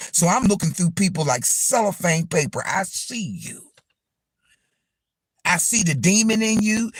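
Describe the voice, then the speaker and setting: A man hosting a live stream, giving a casual, preachy rant to his viewers, swearing freely and dropping gospel phrases, swinging between shouts and low asides. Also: no room sound. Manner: uses profanity and gospel phrases. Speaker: livestream host.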